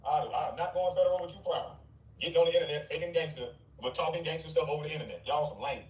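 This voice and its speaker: A man's voice: a little high, fast talker, recorded from a distance. A man ranting in a blunt, mocking, dismissive way, with scornful laughs. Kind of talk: ranting commentary. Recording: roomy, off-mic.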